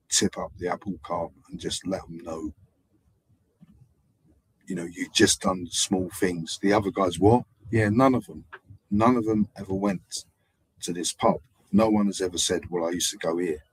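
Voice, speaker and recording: A man's voice: deep voice, slightly rough, no room sound, rough recording. A man hosting a live stream, talking in a rambling, digressive way with hesitations and repeats. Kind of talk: rambling casual monologue.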